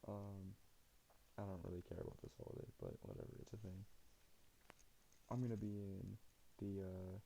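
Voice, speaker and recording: Tired low gravelly young man. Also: moderate pace, pauses often, a little hiss or hum, poor audio. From Utah, USA. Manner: relaxed, rambling, laughs often. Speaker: streamer. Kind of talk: late-night casual chat with viewers.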